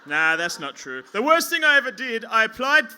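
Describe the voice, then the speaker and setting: A man's voice: very high voice, big pitch swings, moderate pace, sharp tone, smooth. An Australian man doing a stand-up comedy set on a pub stage, rambling and self-mocking with lots of stammering restarts. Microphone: stage mic at a lectern.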